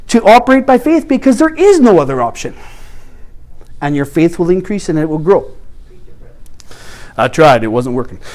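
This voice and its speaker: A man teaching a workshop, telling his own story with animated, acted-out dialogue that swings between hushed asides and loud bursts. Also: high-pitched. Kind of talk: testimony-style teaching talk.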